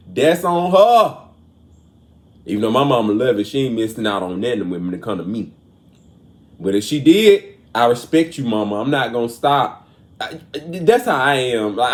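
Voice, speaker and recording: A man hosting a casual commentary show, earnest and emotional, moving between raised and quiet talk. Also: mid-range voice. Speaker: show host. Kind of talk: casual commentary on celebrity news.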